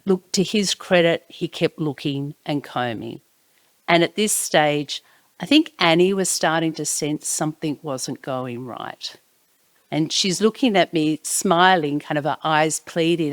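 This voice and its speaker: A woman narrating a personal anecdote in an expressive way, sometimes dropping to hushed tones. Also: low voice, measured pace, dry recording. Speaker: storyteller.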